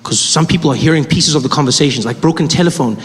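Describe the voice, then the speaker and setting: A man telling a story on a stand-up stage, animated and acting out voices. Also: fairly high pitch, quick pace. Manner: animated, acts out other voices. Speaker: stand-up comedian. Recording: stage with long reverb, faint ambience.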